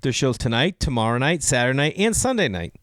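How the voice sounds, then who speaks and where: A man in his forties riffs through a loose, jokey monologue. His voice is smooth and resonant at an ordinary middle pitch, recorded close and dry with no room sound. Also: sing-song, fast, a bit bright, dry recording. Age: 40s. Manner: rambling, jokey, breaks into silly made-up songs. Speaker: comedian podcast host. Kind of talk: casual solo chat.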